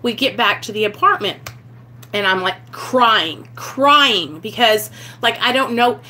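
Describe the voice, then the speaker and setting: Blunt, bright-voiced young woman vlogger. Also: fairly high pitch, moderate pace, a little hiss or hum. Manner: blunt, candid, swears freely. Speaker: vlogger sharing her recovery story. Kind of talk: casual storytelling to camera.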